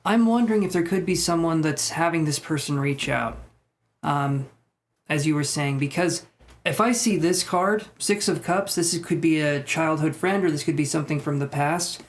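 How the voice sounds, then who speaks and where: Soft-spoken man giving a live tarot reading. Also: a little high, moderate pace, a little hiss or hum. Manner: relaxed, thinking aloud, soft-spoken. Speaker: tarot reader. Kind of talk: live-stream tarot reading, reading chat aloud.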